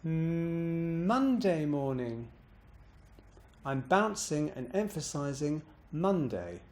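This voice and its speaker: A man coaching voice exercises, calmly explaining each step and demonstrating pitch bounces on words. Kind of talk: instructional voice exercise demo.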